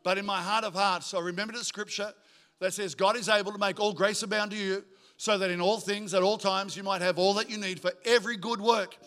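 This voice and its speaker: A male pastor, preaching a sermon in a church in a joking, energetic way. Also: sits high, brisk, faint music behind. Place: church auditorium.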